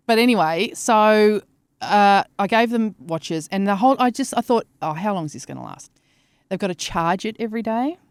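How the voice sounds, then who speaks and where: Middle-aged aussie woman chatting on a podcast, animated, swears a bit, dry close mic. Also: mid-range voice, smooth, dry recording. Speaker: podcast co-host. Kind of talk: casual chat.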